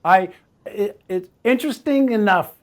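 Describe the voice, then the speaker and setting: A man's voice: high-pitched, measured pace. A man hosting an interview, talking in a reflective, emphatic way and repeating key points. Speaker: host. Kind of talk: casual interview chat.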